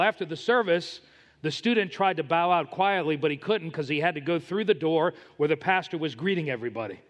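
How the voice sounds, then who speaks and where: Guy pastor preaching hard, kinda high voice, big echoey church sound. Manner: emphatic preaching with storytelling. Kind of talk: sermon.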